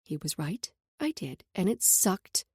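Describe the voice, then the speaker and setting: A woman narrating a first-person romance audiobook in an expressive manner, read close to a studio mic. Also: lowish voice, measured pace, slightly rough, dry recording.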